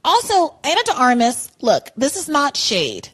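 A woman's voice: high voice, wildly swooping pitch, moderate pace, fairly bright tone. A woman co-hosting a podcast in casual chat, opinionated and emphatic, with many "like"s and apologies. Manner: opinionated, emphatic, lots of "like" and "I'm sorry". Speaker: podcast co-host. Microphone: podcast mic.

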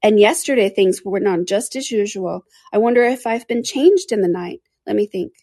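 A woman's voice: mid-range voice, lively intonation, moderate pace, mellow, breathy edge, dry recording, clean studio sound. A woman voicing Alice, a curious and flustered little girl who chatters to herself in a storybook reading.

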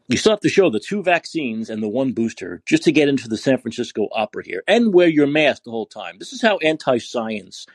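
Sarcastic man ranting on his podcast, lots of cursing, kinda high voice. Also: slightly rough, dry recording. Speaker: podcast host. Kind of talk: angry political rant. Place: San Francisco.

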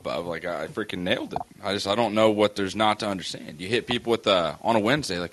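A young man co-hosting a podcast who talks quickly and acts out his pranks. His voice is lowish but bright and edgy. He is playful and teasing throughout. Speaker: podcast co-host. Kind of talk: casual podcast banter.

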